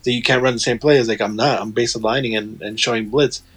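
A man's voice: mid-range voice, fairly even intonation, fast talker, husky. A man in casual chat, telling a rambling, profane story and quoting what others said.

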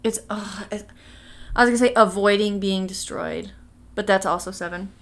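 A woman's voice: medium pitch, moderate pace. A woman co-hosting a podcast, thinking aloud in casual chat as she works out the lines and counts syllables. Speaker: podcast co-host.

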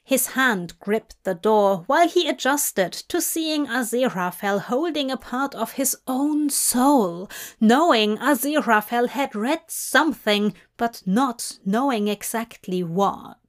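A woman narrating a fanfic in a slow, measured reading. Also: fairly high pitch, lively intonation. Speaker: fanfic reader. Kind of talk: scripted narration.

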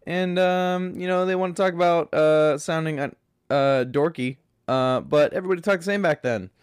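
A man's voice: a little high, moderate pace, clean tone, no room sound, studio quality. A man from Florida hosting a solo podcast, laid back, rambling and crude in his chat. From Pensacola, Florida. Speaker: podcast host.

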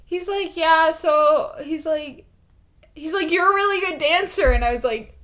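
High-voiced young woman telling stories animatedly. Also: measured pace. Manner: animated storytelling, full of "like" and laughter. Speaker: podcast co-host. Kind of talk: casual chat.

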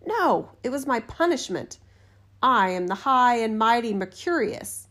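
A woman's voice: very animated, a bit bright. Woman reading as Mercurius, a towering haughty spirit. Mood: menacing. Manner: slow, booming, haughty. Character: huge haughty male bottle spirit, menacing. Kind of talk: storybook reading.

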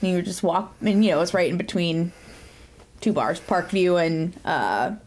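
A woman's voice: lowish voice, normal speed, darkish tone. A woman co-hosting a podcast, chatting casually and laughing often as she tells stories. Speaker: podcast co-host. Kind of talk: casual chat.

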